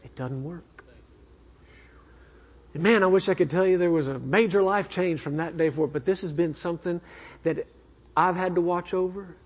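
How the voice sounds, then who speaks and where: A man preaching a sermon as a minister, telling a personal story in an earnest way that swings between fervent and hushed. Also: high voice, fairly quick. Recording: echoey hall, dull sound.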